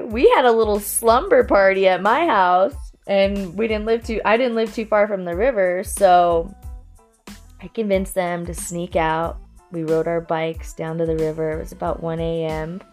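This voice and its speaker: A woman from Colorado casually telling anecdotes from her youth, swearing freely and breaking into laughter between lines. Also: mid-range voice. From Colorado, USA. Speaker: storyteller recalling her youth.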